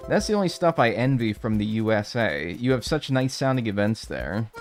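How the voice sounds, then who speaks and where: With faint music behind him, a game streamer in his twenties chats casually with live viewers, rambling, joking and packing his speech with filler "like." His voice is fairly low, swings widely in pitch and moves at a moderate pace.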